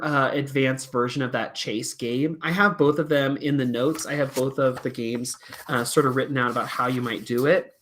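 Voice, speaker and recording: A woman's voice: extremely low pitch, steady tone, normal speed. A woman teacher explaining a puppet lesson in a chatty way, with many fillers.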